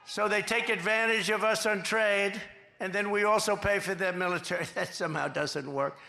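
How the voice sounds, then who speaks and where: Gravelly, boastful man at a rally. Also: sits high, steady tone, moderate pace. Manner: boastful, repetitive, rambling, quoting others in asides; shouting to a cheering crowd at times. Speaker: political candidate at a rally. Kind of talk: campaign rally speech. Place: large rally venue. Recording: echoey venue with faint background noise.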